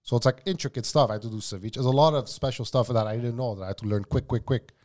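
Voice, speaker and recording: A man's voice: medium pitch, fast talker. A man and former cook telling stories in a casual podcast chat, profane and slangy, often calling the other person "bro". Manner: animated anecdote-teller.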